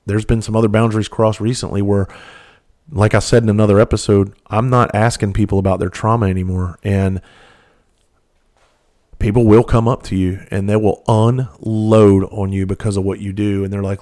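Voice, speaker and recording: A man's voice: lowish voice, level tone, moderate pace, a little mellow. A middle-aged man, hosting a podcast and telling a rambling, candid, profane story in casual monologue. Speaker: podcast host.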